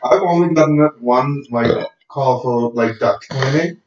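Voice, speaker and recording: A man in a casual podcast chat, relaxed and full of fillers. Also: mid-range voice, measured pace, a little hiss or hum. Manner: relaxed, filler-heavy, says "like" a lot. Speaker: podcast co-host. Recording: roomy, distant, dull lo-fi sound.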